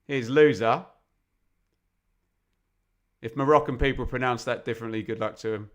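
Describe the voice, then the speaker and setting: A man from England giving live football commentary on a fan watch-along, chatty and opinionated, with sudden bursts of excitement when chances come. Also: medium pitch, moderate pace. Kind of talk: live football commentary mixed with casual chat.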